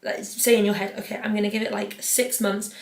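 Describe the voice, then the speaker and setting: A woman's voice: mid-range voice, little pitch movement, a little fast, creaky. A young British woman hosting an advice podcast, chatting casually with lots of "like" and reading out listener letters. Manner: chatty, fills nearly every phrase with "like"; reads out listener letters, then answers them. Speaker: podcast host giving advice. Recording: roomy echo.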